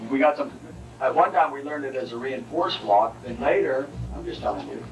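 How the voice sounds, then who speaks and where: A man's voice: mid-range voice, very animated, fairly quick, music in the background. A male karate instructor at a seminar, demonstrating techniques and often checking that his students follow. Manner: explanatory, keeps checking in with listeners. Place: training hall at a seminar. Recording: distant, roomy, noisy 1989 seminar recording.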